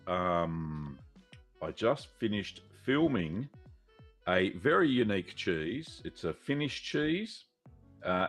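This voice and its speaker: Gravelly Australian man hosting a live stream. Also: low-pitched, very animated, slow pace, faint music behind. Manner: rambling, friendly, many fillers, greets viewers by name. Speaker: host of a live cheese-making Q&A show. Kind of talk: casual live-stream chat.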